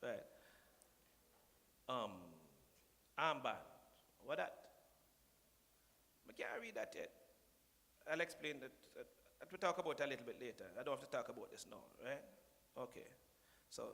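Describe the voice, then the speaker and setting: The speaker is a man with a Jamaican accent giving a playful, ribbing speech to the minister at a conference podium, now and then switching to patois. His medium-pitched voice is gravelly and a bit bright, at normal speed with frequent pauses, echoing with a large hall's long reverb.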